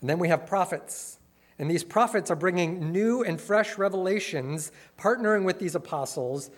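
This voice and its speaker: A man's voice: sits high, moderate pace. A man giving an earnest, lecture-style talk, reading quotes aloud and adding wry asides. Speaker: speaker critiquing a church movement.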